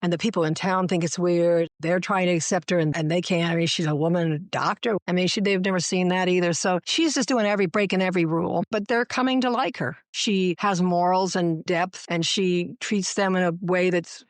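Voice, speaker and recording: A woman's voice: lowish voice, fairly quick, few pauses, no room sound. A woman showrunner, a guest on an interview podcast, telling stories and acting out quoted dialogue. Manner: animated, acts out quoted dialogue in her anecdotes. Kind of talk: conversational storytelling interview.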